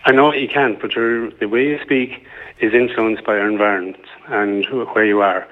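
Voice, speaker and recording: An Irish man calling into a radio phone-in, making his point earnestly and haltingly, with plenty of ums. His voice is on the low side. It comes through a thin, tinny phone line. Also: fairly even intonation. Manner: earnest, hesitant, many fillers. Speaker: caller. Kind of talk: phone-in call.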